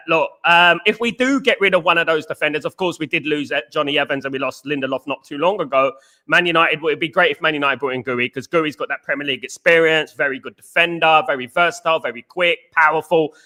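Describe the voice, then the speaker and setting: A man's voice: on the high side, sharp tone. A young Englishman hosting a live football chat stream, talking animatedly, repeating phrases and greeting viewers. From England. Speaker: host.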